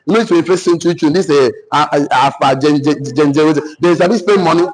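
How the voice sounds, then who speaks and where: A man with a Nigerian accent giving a joking, animated motivational talk to an online business community as coach. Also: a little high, fast, few pauses, rough recording. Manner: animated, joking, mixes Pidgin asides with laughter.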